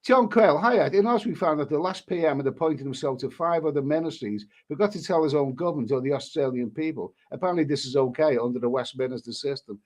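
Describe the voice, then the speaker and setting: A man's voice: fairly high pitch, quick pace, few pauses, a little mellow. A man, hosting a live stream and rambling through crude commentary with many restarts. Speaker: livestream host.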